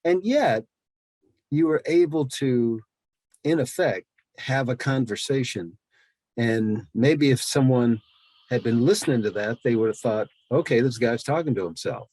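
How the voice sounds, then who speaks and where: A man hosting a talk show interview, recapping the guest's story and prompting him with quick asides. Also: mid-range voice, a little mellow, no echo.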